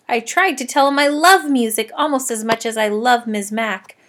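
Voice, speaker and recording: A woman narrating a children's story in the first person with a lively, expressive reading. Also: on the high side, normal speed, hardly any pauses. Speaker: audiobook narrator.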